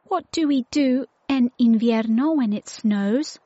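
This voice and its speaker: Woman doing Tilly, a high eager little tortoise. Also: slow, dark tone, slight background noise. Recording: dull lo-fi dry recording.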